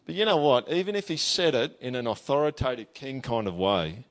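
A man's voice: mid-range voice, animated, brisk. Male pastor, mid-range voice, casual sermon delivery, emphatic scripture reader. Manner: conversational preaching, with many tag questions; emphatic, reads scripture aloud.

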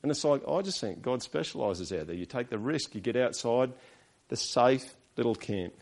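An Australian man delivers a sermon in an easygoing, chatty way, like he is talking with friends rather than lecturing. He keeps checking in with his listeners through short tag questions. His voice sits at an ordinary middle pitch for a man. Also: lively intonation, normal speed, creaky, darkish tone. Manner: conversational, with rhetorical tag questions. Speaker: pastor.

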